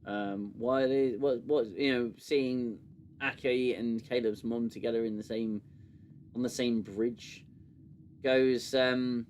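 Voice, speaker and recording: A man's voice: medium pitch, steady tone, slow, a little mellow, a little hiss or hum. A man hosting a casual review livestream, sarcastic and rambling with many fillers. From United Kingdom. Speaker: show host.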